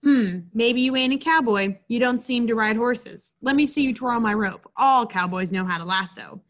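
A woman voicing a mean, gruff male outlaw cowboy while reading a picture book aloud, with a slow drawl. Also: fairly high pitch, fairly bright tone, natural voice.

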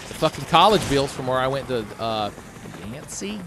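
A man giving casual, profane, joking commentary over his own gameplay, rambling and breaking into loud exclamations. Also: mid-range voice, wildly swooping pitch, moderate pace, background noise. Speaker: let's play commentator. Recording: game music behind the voice.

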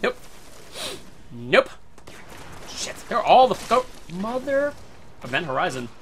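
A man hosts a gaming channel, commenting casually on his match and ranting irritably with plenty of swearing. His voice is bright and sits a little high, and his pitch swings widely as he talks. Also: big pitch swings, slow pace, slight background noise.

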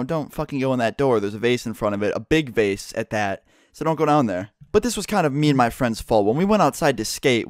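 Young male vlogger, rapid profane storytime delivery, dry close sound. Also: mid-range voice, no echo. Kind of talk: casual storytime.

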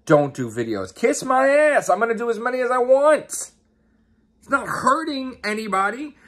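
Exasperated high-voiced man ranting. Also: sing-song, measured pace, a bit bright. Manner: exasperated and profane, repeating questions. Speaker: YouTuber and podcast host. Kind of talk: angry ranting vlog.

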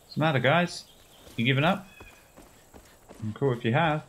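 A man's voice: medium pitch, normal speed, a bit bright, a little hiss or hum. A man giving casual, sarcastic, joking commentary while playing a video game. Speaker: gamer.

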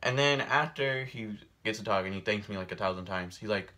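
Animated young man telling a story. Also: fairly low pitch, normal speed. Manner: animated storyteller, acts out quoted voices, laughs often. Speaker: vlogger. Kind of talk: casual storytelling while doing makeup.

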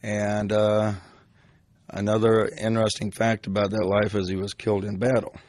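A man's voice: on the low side, monotone, moderate pace, darkish tone, no room sound. An older man telling a personal story in a casual, rambling way, full of restarts.

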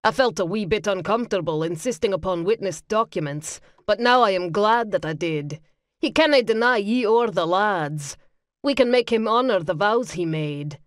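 A firm, insistent Highland brother with a burr and a lowered, steady voice, as a woman narrator puts him on. He presses his point like a protective elder sibling in a storybook reading, the sound close and dry. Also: normal speed, no room sound, lightly acted. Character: gruff protective Highland man, an older brother. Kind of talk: audiobook character voice.

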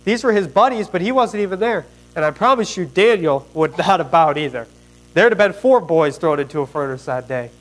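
Folksy high-voiced man preaching. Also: brisk, low-quality recording. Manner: folksy, animated storytelling with plain slang. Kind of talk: sermon.

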